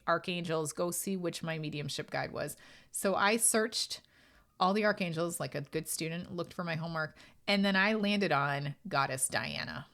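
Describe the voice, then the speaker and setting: A woman's voice: fairly low pitch, fairly bright tone. A woman hosting a podcast as a medium, talking candidly and casually, telling stories with quoted asides. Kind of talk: casual solo podcast talk.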